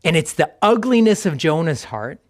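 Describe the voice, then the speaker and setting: Earnest male preacher, fairly high voice. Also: sing-song, normal speed. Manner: conversational, emphatic, drops to a near whisper on key points. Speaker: pastor. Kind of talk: sermon.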